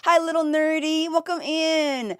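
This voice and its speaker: A woman's voice: high voice, unhurried, a bit bright, dry recording, studio quality. A woman streamer chatting casually and greeting her chat from her home office, giggly and effusive. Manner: giggly and effusive, with frequent laughs.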